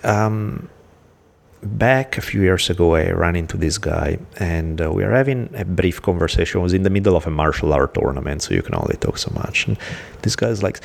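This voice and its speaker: A man's voice: deep voice, animated, a little fast, vocal fry. A man from Italy, co-hosting a podcast in loose, rambling casual chat with some swearing. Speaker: podcast co-host.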